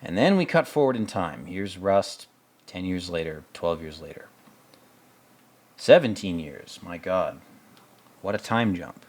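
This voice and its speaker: A man's voice: sits low, lively intonation, a little slow, long pauses. A man giving casual commentary on a TV episode, sarcastic, profane and rambling. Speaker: show commentator.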